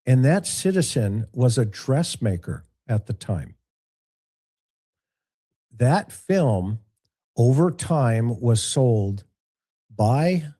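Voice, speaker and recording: Male commentator, very dark tone, slow delivery, asks rhetorical questions. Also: on the low side. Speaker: livestream commentator. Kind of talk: opinionated commentary.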